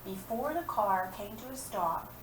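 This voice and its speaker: A woman's voice: mid-range voice, expressive, distant mic, slight background noise. A woman teaching children a reading and phonics lesson, patiently drawing out words and sounds. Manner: slow, patient, stretched-out sounds for young learners. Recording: echoey room, voice from off-mic.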